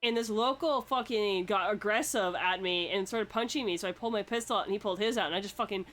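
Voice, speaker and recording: A woman's voice: medium pitch, quick pace, a bit bright. A young woman hosting a podcast, chatting casually about a roleplay game, swearing freely and laughing often. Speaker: podcast host. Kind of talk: casual chat.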